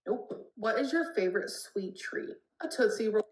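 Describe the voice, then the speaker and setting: A woman's voice: mid-range voice, expressive, normal speed. A woman answering viewer questions in a casual vlog, plain and matter-of-fact. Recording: roomy echoing clip.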